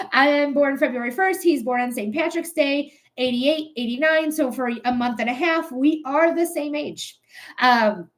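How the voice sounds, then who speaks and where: A woman in her thirties, a psychic streamer, telling a family story live and stopping to thank viewers, chatty and animated with lots of ums and casual swearing. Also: sits high, rough recording. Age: 30s. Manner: breaks off to thank viewers by name.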